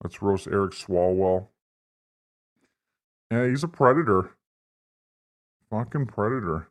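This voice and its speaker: A man's voice: fairly low pitch, animated, slow pace. A man hosting a livestream, delivering a profane, rambling, mock-earnest political rant. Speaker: livestream host. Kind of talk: satirical political stream rant.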